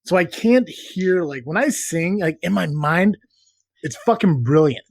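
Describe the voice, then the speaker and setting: A man's voice: sits high, lively intonation, unhurried, creaky, dry recording. Rambling, swearing man in a dry recording. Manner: rambling, profane, self-deprecating. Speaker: podcast host. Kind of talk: casual live-stream banter.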